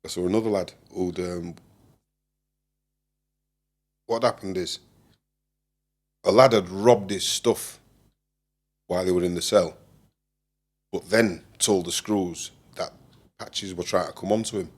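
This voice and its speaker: A man's voice: low-pitched, fairly even intonation, a little slow, long pauses. A man from Leeds with a Leeds accent, telling stories as a guest in a casual interview, swearing freely and acting out the people in them. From Leeds, England. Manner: swears freely, often laughs, acts out the people in his stories. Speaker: former boxer, guest.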